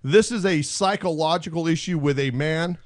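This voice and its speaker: A man hosting a casual talk show, brash and quick to laugh while he argues. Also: on the high side, heavy background noise. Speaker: host. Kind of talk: casual political banter.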